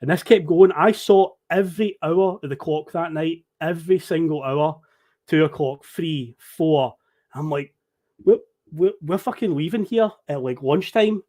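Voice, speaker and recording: A man's voice: on the high side, unhurried. Swearing Scottish man telling a story. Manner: animated, swearing, laughing storyteller. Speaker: podcast guest. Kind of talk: casual storytelling.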